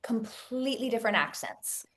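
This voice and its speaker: A woman's voice: fairly high pitch, animated, normal speed, a bit bright, a little hiss or hum. A woman in her thirties, an actress and producer, chatting in an interview and rambling with many fillers and restarts. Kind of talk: casual interview chat.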